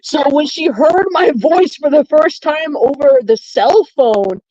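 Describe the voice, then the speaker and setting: Woman, slightly high voice, casual rambling storyteller in a dry, lo-fi recording. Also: measured pace, mellow, dry recording. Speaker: chat participant. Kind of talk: casual chat.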